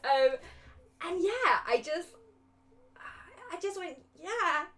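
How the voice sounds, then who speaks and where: Speaking slowly in a very high, animated voice, a young woman from England rambles and giggles her way through a livestream. She's there as a cosplay judge, casually chatting while she crafts.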